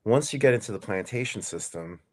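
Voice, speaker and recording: A man co-hosting a podcast, explaining in a measured way with some hesitant fillers. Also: lowish voice, animated, darkish tone. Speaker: podcast co-host. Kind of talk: casual chat.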